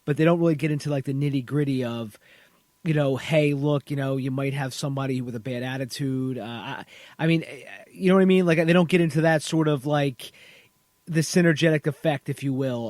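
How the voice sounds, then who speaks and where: A man's voice: a little high, fairly even intonation, fairly quick, a little mellow, no room sound. A man hosting a podcast interview, rambling casually with many restarts and "you know"s. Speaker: podcast host.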